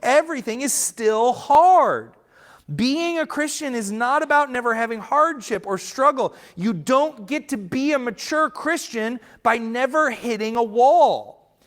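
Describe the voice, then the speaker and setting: A man's voice: very high voice, expressive, a little slow, fairly bright tone. A man preaching a sermon as pastor, earnest and emphatic, sometimes restarting words mid-phrase. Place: church sanctuary.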